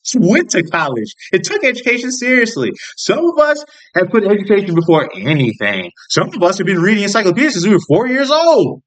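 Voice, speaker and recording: A man's voice: sits high, wildly swooping pitch, a little fast, hardly any pauses. A young man ranting angrily in a vlog, swearing constantly, restarting sentences and rambling with frustration. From United States. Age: young adult. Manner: angry, profane, rambling rant with many restarts. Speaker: vlogger. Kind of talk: political commentary rant.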